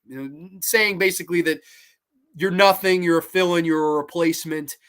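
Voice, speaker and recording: A man's voice: fairly high pitch, fairly even intonation, normal speed, fairly bright tone. A young man hosting a casual movie talk show, enthusiastic and rambling, with lots of fillers and restarts. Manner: hums and sings snatches of film music. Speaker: host.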